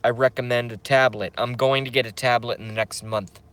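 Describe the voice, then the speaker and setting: A man's voice: medium pitch, steady tone, brisk, a bit bright. A man hosting a casual livestream, rambling, swearing, and reading out viewer comments. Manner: rambling, profane, emotional; reads chat comments aloud. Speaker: livestream host.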